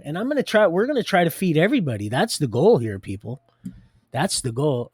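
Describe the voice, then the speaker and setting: A man hosting a livestream, rambling through faith talk, laughing often and swinging between loud and hushed. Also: a little high, very animated, normal speed, breathy edge, no room sound. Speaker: livestream host.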